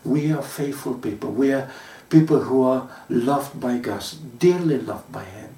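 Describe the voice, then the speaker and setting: A man preaching a sermon in a mellow, darker voice, pausing often and filling gaps as he tells stories. The sound is roomy and echoes, and he stands back from the mic. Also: mid-range voice, animated, recorded from a distance. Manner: measured, warm storytelling with frequent pauses and fillers. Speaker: pastor.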